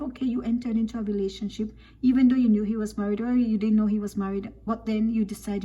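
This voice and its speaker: A woman commenting on a reality show, scolding and animated, firing off rhetorical questions. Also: medium pitch, quick pace, hardly any pauses.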